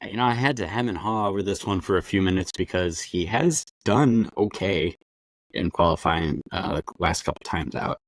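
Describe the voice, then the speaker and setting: Podcast cohost guy, super deep voice, dead dry mic, takes his time w lots of uhs. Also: animated, no room sound. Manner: measured, hesitant with frequent uhs. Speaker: podcast co-host. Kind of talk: casual podcast chat.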